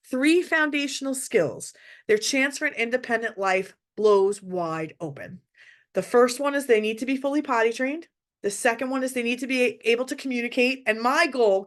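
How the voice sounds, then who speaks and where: A middle-aged woman hosting an online workshop for parents, speaking in a direct, heartfelt way with frequent restarts. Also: on the high side. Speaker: workshop presenter. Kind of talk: emotional webinar talk to parents. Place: hotel room.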